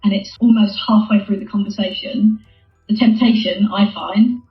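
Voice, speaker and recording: A woman explains communication in a calm, thoughtful voice, circling back to repeat her key points. She sounds like she is speaking into a remote call in an echoey room. The audio is dull and lo-fi, with faint music under it. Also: mid-range voice, moderate pace. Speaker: guest, former hostage negotiator. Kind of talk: conversational interview.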